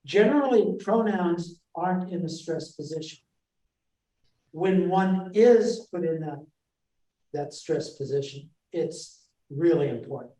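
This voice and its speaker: A man presenting a class in a library room, talking in a halting way with many fillers and restarts and often checking in with his listeners. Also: on the high side, animated, dark tone. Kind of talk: classroom talk on reading verse aloud. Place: library meeting room, indoors. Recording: echoey room, voice from far off.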